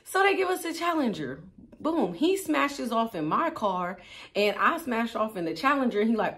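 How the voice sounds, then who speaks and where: Animated young woman telling a story. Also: a little high, moderate pace. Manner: animated, slangy, acts out quotes, laughs often. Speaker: storytime vlogger. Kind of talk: casual storytelling to viewers.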